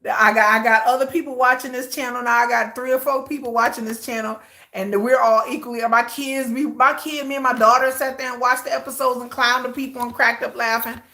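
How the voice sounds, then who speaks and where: Bright high-voiced woman chatting on a live stream. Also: brisk. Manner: animated, laughing, shrieks and squeals names at the screen; gossipy, talks straight to viewers as "girl". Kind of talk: casual live-stream chat. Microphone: phone or camera on a tripod.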